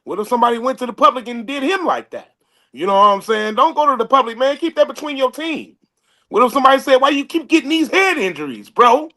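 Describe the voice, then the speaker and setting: A man's voice: very high voice, animated, fast talker, pushed and bright. A man on a sports panel, giving his take in a preachy way and repeating "you know what I'm saying.". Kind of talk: casual sports talk.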